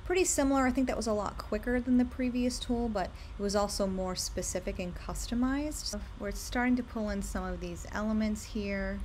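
A young woman narrates a screen-share tutorial in a casual, upbeat way, often recommending what she likes. Her voice sits in a middle pitch. A faint hum of noise runs underneath. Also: normal speed, few pauses, a little mellow. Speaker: candle brand owner.

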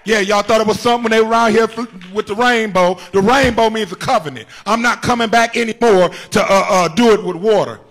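High-voiced fervent male preacher. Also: a little fast, hardly any pauses. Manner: fervent, repetitive, calls out to the congregation; rises to shouts at times. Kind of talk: Good Friday sermon.

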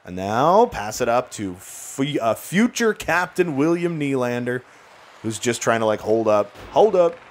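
A man doing excited, jokey play-by-play commentary while playing a hockey video game. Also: medium pitch, measured pace. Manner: excitable, jokey, bursts into shouts and laughs. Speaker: gaming YouTuber.

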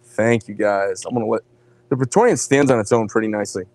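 A middle-aged man hosting a live knife sales show, telling rambling, animated stories between showing each knife. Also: fairly low pitch, fast talker, noisy background. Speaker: host presenting knives.

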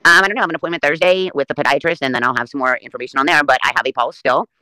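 Man, chatty storyteller type, rapid delivery, voice on the higher side. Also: steady tone, bright, forceful tone, smooth, low-quality recording. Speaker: livestream guest. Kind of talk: casual livestream chat.

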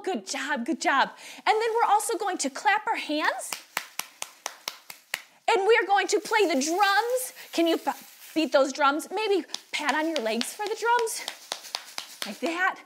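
A woman pastor giving an animated Bible lesson to preschool children, full of gasps and questions to the kids. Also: very high-pitched, a little slow, background noise. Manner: animated, gasping, exaggerated storytelling for small children.

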